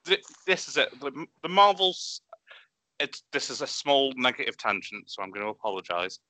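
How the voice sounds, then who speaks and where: A man with a bright, forceful voice, talking fast and eagerly. The sound is close and dry, with no room around it. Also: medium pitch, no room sound. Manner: excitable, swearing, animated. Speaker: podcast co-host. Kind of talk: enthusiastic casual chat.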